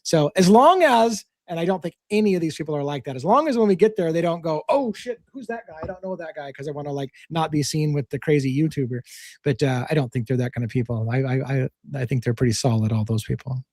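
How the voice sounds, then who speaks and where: Male co-host, quick rambling delivery, higher voice, dry sound. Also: darkish tone, no echo. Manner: rambling, self-interrupting, joking. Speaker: co-host of a live stream. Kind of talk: casual live-stream chat.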